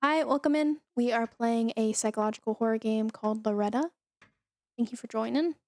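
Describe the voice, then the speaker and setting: A woman's voice: fairly high pitch, brisk, no echo. Chatty woman gaming host. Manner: chatty, talks to viewers with fillers and asides. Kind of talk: casual gameplay commentary.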